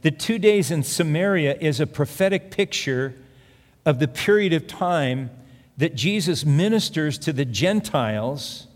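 Male pastor, earnest conversational preacher, slightly higher voice, long hall reverb. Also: animated, measured pace. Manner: earnest, conversational preaching with fillers, reading scripture aloud. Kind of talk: sermon.

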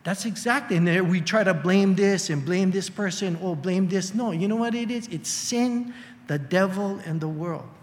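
Animated older preacher in a reverberant hall. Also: male voice, moderate pace. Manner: animated, acts out quoted voices in a high strained pitch. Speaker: pastor. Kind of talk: sermon.

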